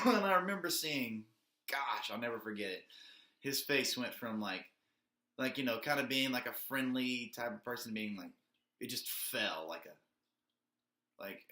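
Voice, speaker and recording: A man's voice: on the low side, sharp tone. A man casually telling a personal story, rambling with lots of "like" and some swearing. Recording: echoey room.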